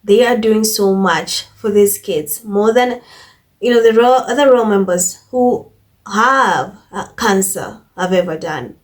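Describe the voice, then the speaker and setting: A woman of middle pitch reads news passages aloud and then comments on them in her own words. She is emphatic, repeats herself for stress, and fills her pauses with "um" and "you know". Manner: emphatic, repeats herself, frequent fillers and restarts. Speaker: commentary channel host. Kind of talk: reading news quotes then casual opinion commentary.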